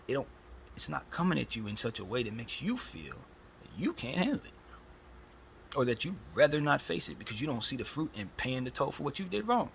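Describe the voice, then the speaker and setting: Gravelly man preaching a spiritual monologue. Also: medium pitch, a bit bright, a little hiss or hum, rough recording. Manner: preachy, rambling, slangy. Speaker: host. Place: phone recording.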